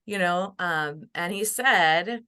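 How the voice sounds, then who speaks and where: A woman's voice: fairly low pitch, slow, pushed and bright, clean tone. A middle-aged woman speaking as a podcast guest, reflective and heartfelt, now and then acting out the voices of the people she quotes. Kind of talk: reflective interview conversation.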